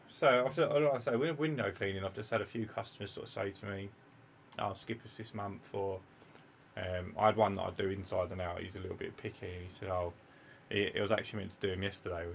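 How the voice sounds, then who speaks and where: A man's voice: low-pitched, steady tone, a little fast, gravelly, a little hiss or hum. A man co-hosting a podcast, chatting in a laid-back way and swearing casually. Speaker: podcast co-host. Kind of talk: casual chat.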